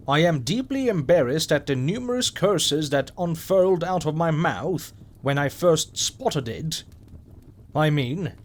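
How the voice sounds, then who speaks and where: A man narrating a scripted horror story in a measured, wry way. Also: a little high.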